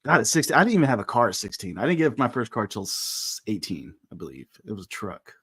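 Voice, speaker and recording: A man chatting casually on a livestream, tossing in quick reactions and his own short stories. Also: fairly low pitch, big pitch swings, fairly bright tone, slightly rough. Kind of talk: casual chat.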